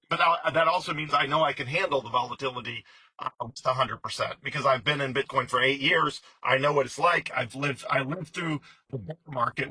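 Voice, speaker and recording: A man with a very bright, husky voice and a slightly raised pitch talks through his ideas casually. He circles back, repeats himself and fills pauses as he explains. The sound is dry and close. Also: no echo, low-quality recording. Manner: conversational, repetitive, many fillers and restarts. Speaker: bitcoin commentator.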